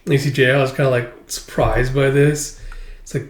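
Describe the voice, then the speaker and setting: A man's voice: medium pitch, normal speed. Man casually reading through a comic. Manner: relaxed, filler-heavy retelling with quoted dialogue. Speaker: manga reader and commentator. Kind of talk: casual manga read-through. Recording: roomy echo.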